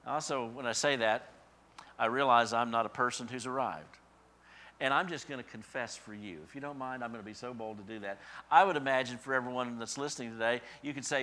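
A man preaching a sermon in a church, building to emphatic repeated phrases and then dropping to a soft close. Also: mid-range voice, a little fast, slight background noise. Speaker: pastor.

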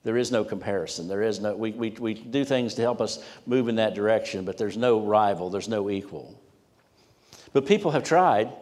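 A man preaching a sermon emphatically, rising in pitch and volume when reading scripture and dropping low for asides. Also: a little mellow. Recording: long hall reverb.

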